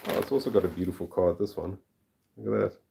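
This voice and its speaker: Packing fossils during a livestream, this South African-accented collector and channel host chats casually, laughing often and delighting easily. His low, steady voice is fast and dark with vocal fry, and there's a little hiss or hum.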